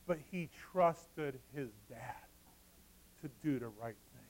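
A male pastor preaching a sermon, acting out scripture scenes with dramatic swings between hushed and loud. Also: medium pitch, slow pace.

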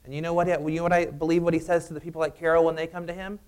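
A man preaching a sermon and telling a personal story in a conversational, animated way. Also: on the high side, rapid-fire, clean tone.

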